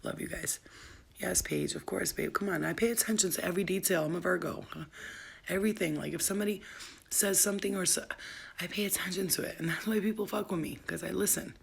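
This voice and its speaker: Woman livestreamer, low gravelly voice, slangy, profane, affectionate home chat. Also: fast talker. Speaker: spiritual healer selling boxes on a livestream. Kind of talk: casual late-night livestream chat.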